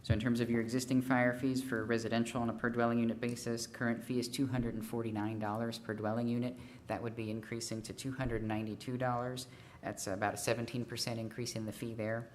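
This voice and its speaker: A man's voice: mid-range voice, flat delivery, quick pace, a little hiss or hum. A man consultant giving a formal presentation at a city council meeting, methodical and figure-heavy, with frequent fillers and restarts. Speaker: consultant presenting a fee study.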